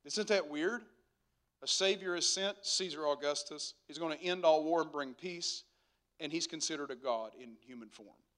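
A man's voice: fairly high pitch, moderate pace, a bit bright. A man preaching a sermon as pastor, emphatic, asking rhetorical questions and repeating phrases for effect.

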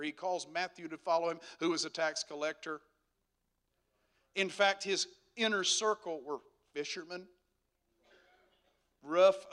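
A man's voice: on the high side, a bit bright. A man preaching a sermon as pastor, emphatic, asking rhetorical questions and repeating phrases for effect.

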